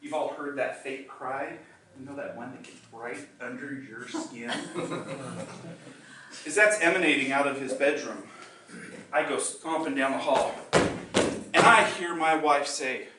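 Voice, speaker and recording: A man's voice: mid-range voice, sharp tone, a little hiss or hum. Older man giving a speech in an echoey hall. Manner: dramatic pauses, slows down for emphasis. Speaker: contest speaker. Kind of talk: storytelling public speech. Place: meeting room or hall. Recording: echoey hall, mic at a distance.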